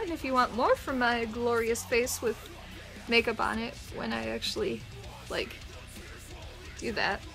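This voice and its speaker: Young female vlogger, bright and slightly high, reads aloud casually with sarcastic, giggly asides. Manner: giggly, sarcastic asides between read passages. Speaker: YouTuber reading fan fiction. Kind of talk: casual reading aloud with commentary.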